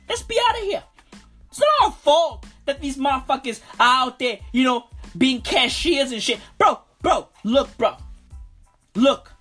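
A high-pitched woman rants in a lively, swooping voice. She swears often and keeps repeating herself. Faint music sits behind her. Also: husky. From South Africa. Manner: animated, profane, repetitive, keeps saying "bro". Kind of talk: profane comic rant.

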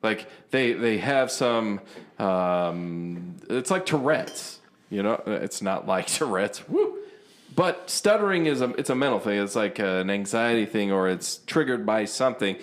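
A man's voice: lowish voice, expressive, unhurried. Rambling agreeable man in casual chat. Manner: agreeable, rambling, hesitant explainer.

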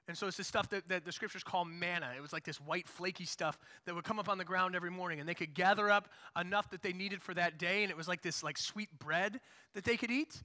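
Speaking fast, this pastor preaches in a loose, lively storytelling style. His voice is high and very bright, and a long hall reverb lingers after every phrase.

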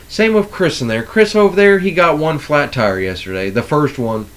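Lively man telling work stories. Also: fairly high pitch, moderate pace, few pauses. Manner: animated storyteller, acts out quoted coworkers, swears freely. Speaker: podcast co-host. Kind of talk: casual chat.

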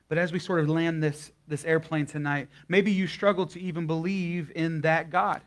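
A man's voice: a little high, fairly even intonation, moderate pace, hardly any pauses. A young adult man preaching to his congregation in a folksy, conversational way, telling a story and then leading a prayer. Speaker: guest pastor. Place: church service before a live congregation.

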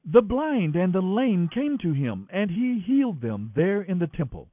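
A man reading scripture aloud in an expressive, animated way. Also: high voice, a little slow, husky, no room sound. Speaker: scripture reader. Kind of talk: scripted narration. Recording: dry, thin phone-like audio.

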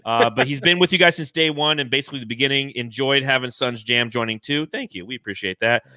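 A man's voice: mid-range voice, quick pace, sharp tone, no room sound, clean studio sound. An American man in his thirties hosting a fan podcast livestream, emotional and swearing freely as he reads out donations. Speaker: podcast host. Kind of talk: excited casual livestream chat.

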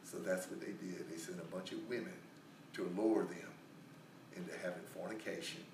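A male preacher with a low voice and vocal fry tells a Bible story at a normal pace and steady tone, his casual sermon full of restarts and dramatized quotes. Background noise is present, and the recording is distant in an echoey room.

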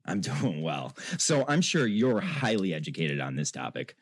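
A man with a low voice hosts an online talk show, chatting loosely and breaking into laughter between lines. He curses freely, and the sound is dry and close. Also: very animated, moderate pace, husky, no echo. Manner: laughs often, swears freely. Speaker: show host. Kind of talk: casual chat.

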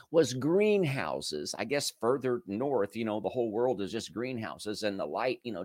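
A man from Canada hosts a live stream, talking straight to his viewers in a lively voice that rises and falls a lot. He piles up rhetorical questions one after another. The sound is dry and close. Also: medium pitch, dry recording. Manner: rhetorical, firing strings of questions. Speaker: livestream host. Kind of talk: casual commentary to a live chat.

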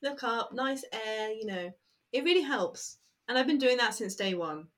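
A woman's voice: on the high side, expressive, moderate pace, a bit bright. A woman talking casually in an interview, rambling with many fillers and bursts of laughter. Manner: chatty, lots of fillers and laughter. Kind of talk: casual chat.

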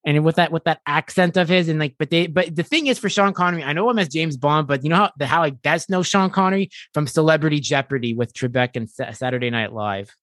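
A podcast host chatting casually, animated and full of quick jokes. The voice sits in a middle pitch. It is recorded close and dry, with almost no room sound. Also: no echo. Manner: animated, joking, quick asides. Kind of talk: casual chat.

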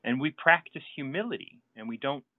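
A man hosting a casual chat, talking in a halting, reflective way with many fillers. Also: medium pitch, expressive, no echo. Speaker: podcast host. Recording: tinny phone-like line, dry.

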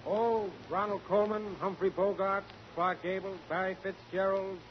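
Polite eager guy pitching himself as an impersonator, dull lo-fi old radio sound with light hiss. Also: level tone, moderate pace. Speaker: impersonator guest. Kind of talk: 1940s radio comedy. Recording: muffled lo-fi old radio broadcast.

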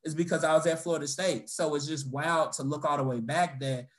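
A man's voice: a little high, fairly quick. A young man casually telling personal stories in conversation, swearing freely and acting out the people he quotes. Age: young adult. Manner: animated storytelling, swearing, acting out quoted voices. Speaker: storyteller in a conversation. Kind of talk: casual chat.

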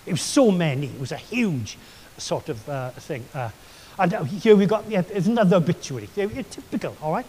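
A man's voice: high voice, big pitch swings, fairly quick, dark tone, a little hiss or hum. A man preaching a sermon as a pastor, telling enthusiastic, chatty stories full of asides, recorded in a hall with long reverb.

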